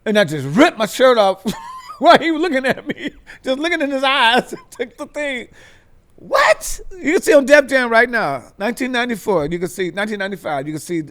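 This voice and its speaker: A man's voice: very high-pitched, expressive, a little fast, fairly bright tone. A comedian man from the Midwest, animatedly telling comic stories as a talk-show guest and acting out other people's voices with street slang.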